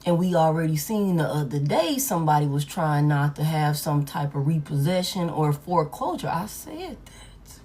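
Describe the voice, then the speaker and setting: A woman giving a live tarot reading to her viewers, blunt and heavy with swearing, swinging between loud hype and low muttering. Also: lively intonation, normal speed. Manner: blunt, profane and emphatic. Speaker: tarot reader.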